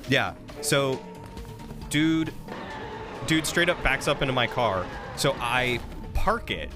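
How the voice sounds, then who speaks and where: A man streaming a game and chatting casually, telling an animated story. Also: takes it slowly, pauses often, music in the background. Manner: animated storytelling, rising pitch when quoting an argument. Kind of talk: casual gameplay stream chat.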